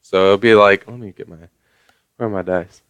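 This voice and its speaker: Talking to his viewers in a loose, conversational rant, this man fills his speech with fillers and mild cursing. His voice is on the low side, steady and a bit bright, at a moderate pace, clean and dry.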